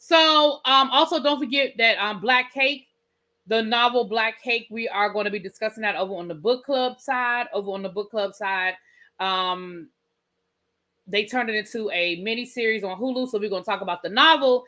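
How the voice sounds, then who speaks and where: A woman hosting a casual live stream, chatting with her viewers in an animated, talkative way. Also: on the high side, normal speed. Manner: chatty, animated, talks to the chat. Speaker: livestream host.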